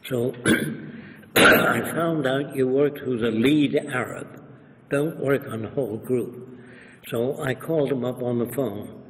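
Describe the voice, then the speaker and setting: An older man speaks as an interview guest, telling animated anecdotes and slipping into the people he quotes. His pitch sits in the middle range. A long reverb trails after his words. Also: takes it slowly. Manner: animated, acts out quoted voices. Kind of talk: anecdotal storytelling.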